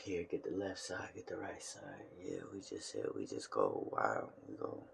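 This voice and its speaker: A man's voice: sits low, very animated, normal speed, creaky, few pauses, slight background noise. A tired man talking casually to his phone camera at home, in a laid-back, slangy way that drawls and trails off. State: tired, yawning. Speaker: vlogger. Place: home room.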